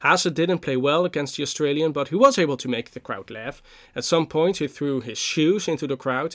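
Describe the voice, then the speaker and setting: A man's voice: a little high, normal speed, hardly any pauses, fairly bright tone. Man reading sports news. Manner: reads sports news, then chats with hesitant fillers. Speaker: news presenter. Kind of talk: radio news reading and banter.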